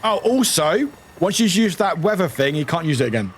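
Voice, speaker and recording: A British streamer who talks through a game live, exclaiming and repeating lines. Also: male voice, fairly high pitch, moderate pace. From United Kingdom. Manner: excitable, exclaiming and repeating itself. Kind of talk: live gameplay commentary. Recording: noisy stream audio.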